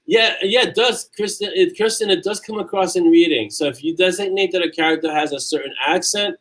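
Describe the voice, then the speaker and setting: A man's voice: sits high, normal speed, low-quality recording. A man from New York, an author hosting a casual livestream. He chats loosely with viewers, reads out their comments and often restarts his sentences. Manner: chatty and loose, frequent restarts.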